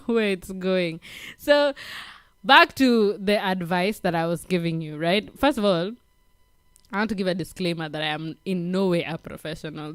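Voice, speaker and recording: A woman with an African accent talks through relationship advice on a late-night radio show, chatty and quick to laugh. Her voice sits a little high. The studio mic gives a close, dry sound. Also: fairly bright tone, clear, resonant tone, no room sound. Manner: chatty, laughs often, asks "right?". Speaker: radio host.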